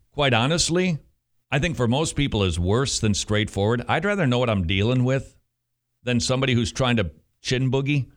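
A man's voice: medium pitch, fairly bright tone. A man speaking as a pastor to fellow pastors, feverish and emphatic, repeating phrases to drive them home.

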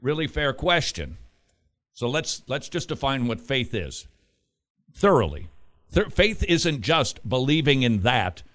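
A man hosting a casual Christian radio talk show, chatting quickly and then driving his points home with emphatic, repeated exhortations. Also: medium pitch. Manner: lively, emphatic, rising to forceful exhortation; quick, chatty asides with restarts and laughs.

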